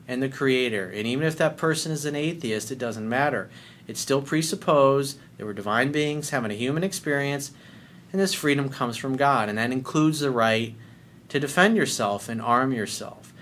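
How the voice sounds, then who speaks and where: A man's voice: medium pitch, a bit bright, slight background noise. Blunt, emphatic male coach. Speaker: dating and life coach. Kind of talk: video coaching monologue.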